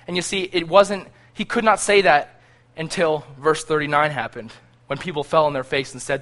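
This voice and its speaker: Man preaching a sermon, fairly high voice. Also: fairly even intonation, moderate pace. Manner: reads scripture aloud, rising loud on prayers; frequent restarts and repeated words.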